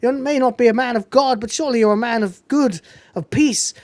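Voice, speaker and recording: A woman's voice: fairly high pitch, fairly quick, a little mellow, no room sound, close to an everyday voice. An earnest village preacher begging everyone to stop the fighting, put on by a woman retelling a film scene. The voice is lifted and raised, imploring rather than commanding. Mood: pleading. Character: pleading middle-aged male village preacher.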